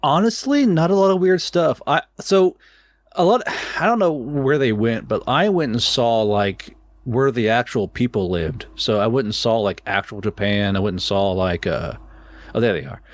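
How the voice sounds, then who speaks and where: A man's voice: medium pitch, moderate pace. A man telling a long travel story in casual chat, profane and rambling, with stammered restarts and laughs.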